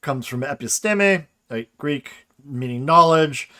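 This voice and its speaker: A man teaches grammar over a casual livestream, with a voice pitched a little higher than most men's. He explains in a loose, conversational way, reading out chat questions and often checking in with the audience. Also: lively intonation, slow pace, pushed and bright. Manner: casual explanatory, reads chat questions aloud, frequent "right?". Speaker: grammar lecturer. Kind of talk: livestreamed lecture with chat replies.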